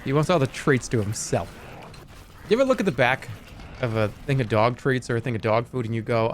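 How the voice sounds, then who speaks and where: A man's voice: mid-range voice, lively intonation, brisk, a little hiss or hum. A man streaming a game, rambling and joking in casual chat while reading viewer messages aloud. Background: faint game music.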